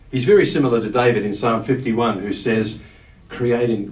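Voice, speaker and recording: A man's voice: medium pitch, distant mic. Earnest man preaching in an echoey room. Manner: earnest, emphatic, slows down to stress quoted lines. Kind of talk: sermon.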